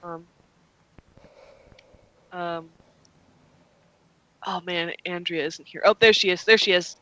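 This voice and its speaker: A young adult game master narrating a tabletop role-playing game, rambling with many ums and likes. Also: male voice, sits high, steady tone, takes it slowly, sharp tone, lo-fi sound.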